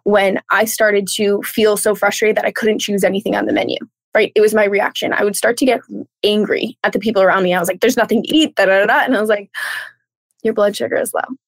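A woman, a coach speaking as a podcast guest, talking in a bubbly, animated way and playfully acting out her inner thoughts. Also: mid-range voice, a little fast, dry recording. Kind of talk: casual podcast interview.

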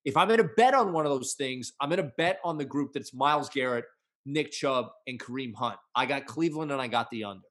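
A man's voice: medium pitch, a little fast, a bit bright. A man co-hosting a sports podcast, giving blunt, opinionated takes in casual chat. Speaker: podcast co-host.

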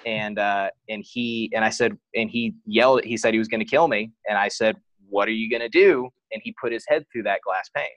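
A man's voice: fairly low pitch, fairly quick, hardly any pauses, fairly bright tone, no room sound, lo-fi sound. A man talking as a podcast guest, telling a personal story openly and casually, with lots of "like" as filler. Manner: frank and open, heavy use of "like".

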